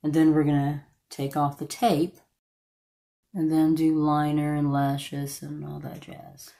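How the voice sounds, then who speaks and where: A woman with a slightly croaky voice from allergies, chatting casually through a makeup tutorial and stopping now and then to correct herself. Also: deep voice, mellow. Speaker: beauty vlogger.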